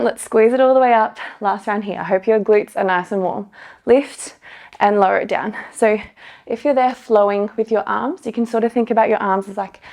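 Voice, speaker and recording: A woman's voice: medium pitch, vocal fry, a little mellow. A young woman leading a pilates class, coaching and counting down the reps, slightly out of breath. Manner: upbeat counting and coaching, with light laughs. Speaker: pilates instructor. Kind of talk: workout instruction.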